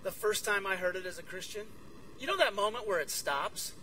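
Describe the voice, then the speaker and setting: A bright, forceful male preacher with a high, animated voice that leaps all over the place. He delivers an energetic sermon to a conference crowd, acting out little exchanges as he goes. The mic sits at a distance, with a faint hum behind him. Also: fairly quick. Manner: energetic, acts out dialogue. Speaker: guest speaker. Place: conference room with audience.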